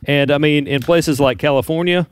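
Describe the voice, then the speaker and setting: Crisp-voiced male radio news anchor. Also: a little high, moderate pace, no room sound. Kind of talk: radio talk show news chat.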